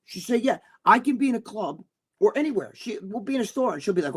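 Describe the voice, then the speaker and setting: A man's voice: high voice, sing-song, fast talker, husky. A man with a New Jersey accent, co-hosting a casual live chat in a blunt, rambling, profane way. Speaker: co-host.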